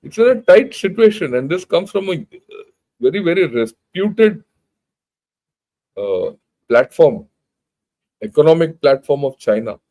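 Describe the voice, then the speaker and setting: Man, older, Indian English accent, informal lecture, emphatic, fairly high-pitched. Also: very animated, a little slow, pauses often, dark tone, rough recording. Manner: emphatic, blunt, rhetorical questions. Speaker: retired army general giving a talk.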